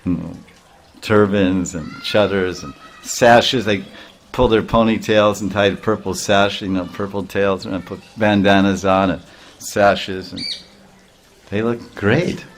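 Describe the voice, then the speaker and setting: A man with a fairly low voice preaches a sermon. He tells stories in an animated way, chuckles often, and pauses to explain terms. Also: slight background noise.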